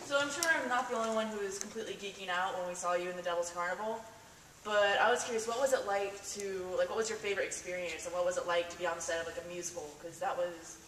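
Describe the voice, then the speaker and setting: A woman's voice: medium pitch, fast, a bit bright. A woman in the audience eagerly asking a guest a question at a convention panel, with many fillers. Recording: echoey hall, distant, hissy.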